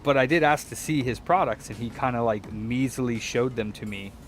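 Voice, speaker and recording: A young man chatting casually as he fixes a controller, rambling through a story, swearing and mimicking people in a higher voice. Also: normal speed, soft background music. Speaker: repair shop vlogger. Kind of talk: casual chat while repairing a controller.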